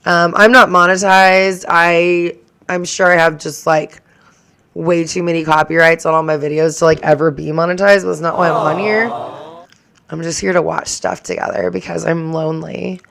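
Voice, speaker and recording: A woman's voice: on the low side, vocal fry, a bit bright. A woman hosting her own reaction channel, chatting casually to the camera in a rambling way that keeps drifting into tangents.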